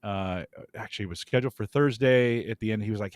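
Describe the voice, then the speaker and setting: Low-voiced man in dry, close sound. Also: a little mellow, dry recording. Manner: agreeable, quick backchannels, anecdotal. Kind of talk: casual podcast chat.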